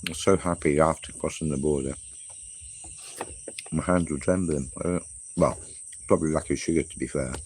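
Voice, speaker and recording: A man's voice: a bass voice, fairly even intonation, normal speed, long pauses, a little mellow. A man chatting casually on a travel livestream, rambling and talking while he eats breakfast. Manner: rambling, chatty, talks with mouth full while eating. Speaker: travel vlogger. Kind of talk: casual live-stream chat. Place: on the road in Southeast Asia. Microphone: camera set in front of him. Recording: noisy ambience with insects and traffic.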